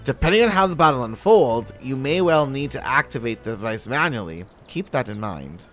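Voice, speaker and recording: A man voicing a formal, seasoned male naval commander from a game, reading in a lowered, stately manner. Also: lively intonation, fairly quick, a bit bright, faint music behind, natural voice.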